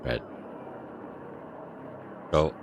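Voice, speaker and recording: A man's voice: extremely slow, very noisy. A man chatting casually and swearing while he and a friend set up a live stream. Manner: swearing, teasing, laid-back banter.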